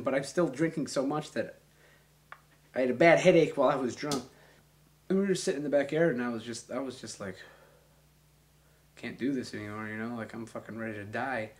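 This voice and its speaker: A young man in his twenties telling a long, rambling, profane story in a casual, animated way. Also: mid-range voice.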